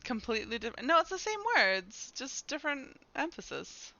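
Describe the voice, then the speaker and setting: A woman's voice: on the high side, big pitch swings, moderate pace, sharp tone. A woman streaming a game, chatting playfully with her viewers and her pet in a casual commentary style. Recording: dull lo-fi stream audio.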